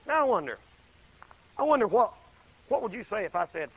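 A man preaching a folksy sermon, swinging from loud exclaiming to low murmured asides. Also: expressive, very fast, low-quality recording.

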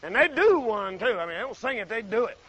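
A middle-aged preacher delivers a folksy, rousing sermon. His voice sits very high and rings bright and sharp. He bursts into shouts and acts out the voices in his stories. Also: sing-song, fast, husky, muffled recording.

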